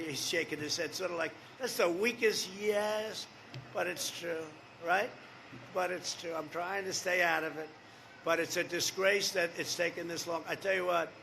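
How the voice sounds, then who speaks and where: A man's voice: high-pitched, vocal fry, pushed and bright, a little hiss or hum. Older man rambling through a rally speech. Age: 70s. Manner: rambling, repetitive, with off-script asides to the audience. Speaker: political candidate. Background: rally crowd.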